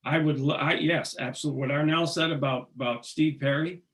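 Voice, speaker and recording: A man being interviewed, talking earnestly and haltingly, often restarting his sentences. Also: on the high side, fairly even intonation, fairly bright tone. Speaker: singer, interview guest. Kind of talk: casual interview conversation.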